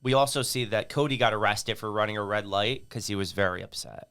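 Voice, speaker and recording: A man's voice: on the low side, fairly even intonation, brisk, fairly bright tone, clear, resonant tone. A man co-hosting a casual movie review podcast while sick, joking around and now and then putting on silly voices. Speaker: podcast co-host.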